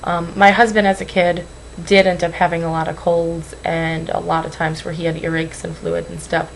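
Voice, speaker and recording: A woman's voice: fairly low pitch, little pitch movement, moderate pace, gravelly, a little hiss or hum, poor audio. A young woman vlogging at home into a webcam, rambling and apologizing, anxious and close to tears. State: tearful. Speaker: weight-loss vlogger. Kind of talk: emotional webcam vlog.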